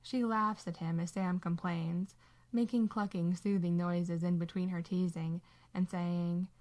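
Calm woman reading a story aloud. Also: lowish voice, measured pace. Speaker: narrator. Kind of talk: audiobook narration of fan fiction.

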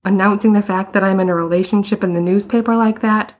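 A woman voicing an anxious, flustered young man in a story, with a rushed, pleading way of talking. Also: mid-range voice, fairly even intonation, close to an everyday voice. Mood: exasperated.

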